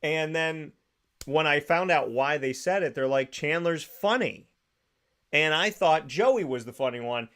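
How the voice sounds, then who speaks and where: A man hosting a casual podcast, telling a story in a lively, animated way and laughing as he goes. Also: on the high side, measured pace. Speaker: podcast host. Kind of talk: casual chat.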